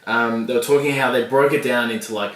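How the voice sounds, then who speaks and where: A man's voice: fairly even intonation, brisk, fairly bright tone, distant mic. A man speaking bluntly and earnestly in casual podcast chat, swearing as he goes. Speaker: podcast co-host. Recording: echoey, low-quality podcast audio.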